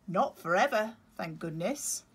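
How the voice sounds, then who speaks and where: A woman's voice: medium pitch, expressive, unhurried, husky. Claudius, a woman doing a fussy protective father penguin.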